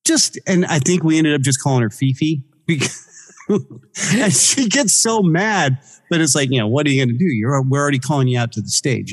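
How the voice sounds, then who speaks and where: A man as a podcast guest, an animated storyteller who slips into voices. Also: medium pitch, long reverb tail. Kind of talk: casual interview chat.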